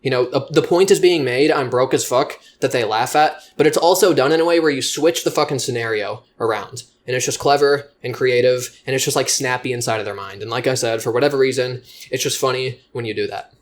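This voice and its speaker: A man's voice: medium pitch, fairly quick, hardly any pauses. Profane, rambling man explaining jokes. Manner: profane, swears freely; loose and rambling, self-deprecating. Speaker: comedy writing teacher. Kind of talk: casual spoken explanation.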